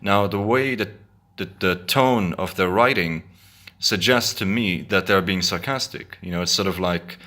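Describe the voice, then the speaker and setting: Male vlogger, low pitch and bright tone, earnest and repetitive monologue. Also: measured pace. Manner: earnest, repetitive, stumbling restarts. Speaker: video blogger. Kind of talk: casual monologue to camera.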